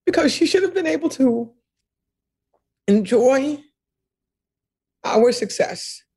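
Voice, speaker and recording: A woman's voice: high-pitched, lively intonation, slow pace, darkish tone, slightly rough. An older woman being interviewed, talking earnestly and emphatically about her past, often repeating phrases and laughing between thoughts. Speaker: interview guest, author. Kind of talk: reflective interview conversation.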